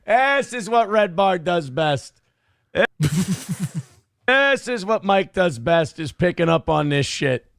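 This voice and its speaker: A man's voice: high voice, expressive, takes it slowly, gravelly, pauses often, a bit bright, no room sound, clean studio sound. A man hosting a talk radio show, mocking and lecturing in banter. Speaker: radio show host in a played clip.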